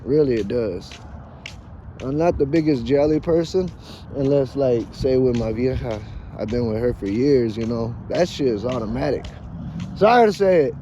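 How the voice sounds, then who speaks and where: A man's voice: mid-range voice, expressive, moderate pace, warm tone, lo-fi sound, slight background noise. Profane man rambling outdoors. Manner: profane, emphatic, dramatic and joking. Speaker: vlogger. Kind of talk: casual rambling monologue.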